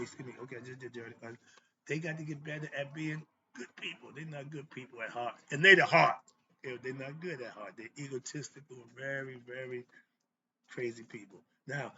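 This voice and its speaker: A host talks casually on his own, loose and chatty, correcting himself as he goes. His medium-pitched voice sounds pushed and bright, and the recording is dull and lo-fi with faint noise.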